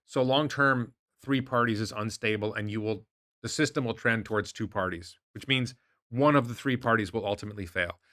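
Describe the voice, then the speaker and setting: A man's voice: lowish voice, a little fast, pushed and bright, no room sound, studio quality. A man hosting an investing livestream, giving opinionated, rambling commentary and firing off incredulous rhetorical questions while answering chat. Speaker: host of investing show. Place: home in Thailand.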